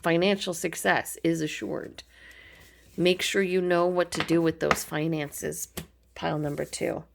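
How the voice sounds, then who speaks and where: A woman's voice: low voice, flat delivery, measured pace, vocal fry, background noise. A woman giving a casual, chatty tarot card reading, informal and affectionate, with frequent ums. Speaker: tarot reader.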